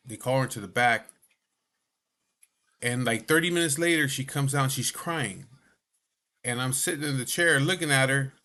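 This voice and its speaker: A man's voice: mid-range voice, bright, forceful tone. A man telling a personal story in a casual, profane way, full of swearing and filler asides.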